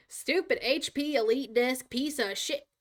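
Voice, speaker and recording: Speaking slowly in a high-pitched voice, a young woman draws on a live stream from her computer. She chats casually, rambles, and giggles often as she goes.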